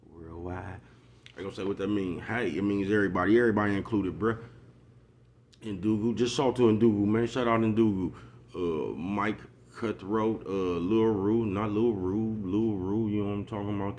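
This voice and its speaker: A man's voice: low-pitched, darkish tone, slight background noise. A man vlogging a casual motivational monologue, rambling and repetitive in street slang. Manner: rambling, repetitive, street slang, keeps asking "you know what I'm talking about".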